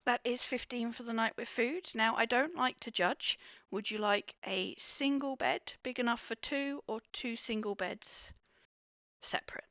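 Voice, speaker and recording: A woman's voice: on the high side, unhurried, fairly bright tone, no room sound, pitched above the performer's own voice. A woman voicing a cheerful young female halfling innkeeper who is welcoming, chatty and a little rambling, in a tabletop game. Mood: helpful. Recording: muffled dry recording.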